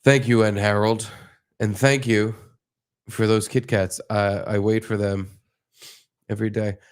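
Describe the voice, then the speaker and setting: A man's voice: fairly low pitch, level tone, a little slow, smooth. A man hosting a podcast in casual, joking chat, swearing freely and reading out chat messages. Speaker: podcast host.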